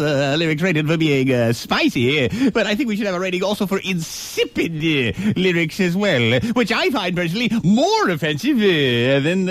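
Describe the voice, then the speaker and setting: A man's voice: on the high side, dry recording. A man hosting a comic radio show, wisecracking and irreverent, telling stories and taking calls. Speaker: radio host. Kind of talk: comic radio storytelling and call-in chat. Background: loud music.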